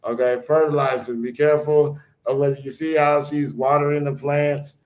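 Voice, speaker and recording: A man's voice: on the high side, little pitch movement, normal speed, reverberant, poor audio. A man hosting his own spiritual channel, talking loosely and rambling between card readings and chanted blessings.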